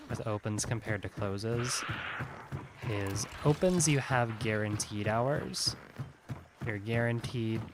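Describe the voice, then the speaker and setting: A man's voice: medium pitch, noisy background. A tired man chatting casually while streaming a game, yawning often and rambling with lots of "like". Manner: rambling, heavy use of "like". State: sleepy, yawning.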